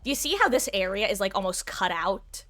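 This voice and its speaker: A woman's voice: medium pitch, sing-song, a little fast, fairly bright tone. A woman live-streaming a video game, chatting casually and explaining tactics to her viewers. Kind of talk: casual gameplay commentary.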